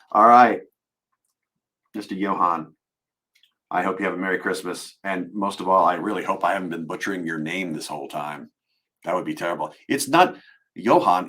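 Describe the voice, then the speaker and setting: In a low-pitched, fairly bright voice, a man who works as a voice actor signs autographs on a live stream. His casual chat is full of jokes, playfulness and self-mockery.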